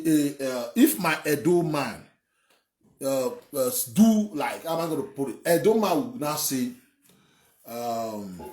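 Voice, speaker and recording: A man's voice: medium pitch, darkish tone. Fired-up Nigerian man, echoey room. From Edo State, Nigeria. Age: young adult. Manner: emphatic, rambling, repeats words, swears. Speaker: online commentator. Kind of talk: heated political commentary.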